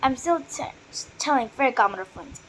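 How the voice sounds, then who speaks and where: A woman's voice: sits high, animated, normal speed, background noise. A woman reading aloud, voicing a spiteful, bossy schoolgirl who snaps and sneers. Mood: sneering. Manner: snapping, sneering.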